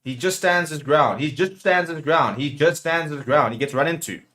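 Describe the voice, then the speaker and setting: A man's voice: on the high side, normal speed, fairly bright tone. A man hosting a rugby watchalong, calling the play live and getting heated with the referee. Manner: partisan play-by-play calls. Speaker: watchalong host.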